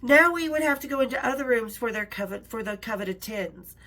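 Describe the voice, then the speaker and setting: A woman's voice: fairly high pitch, lively intonation, brisk, pushed and bright. A middle-aged woman reading her own memoir aloud, breaking off for chatty asides and laughs. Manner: chatty, laughs between passages, self-interrupting. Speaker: author and storyteller.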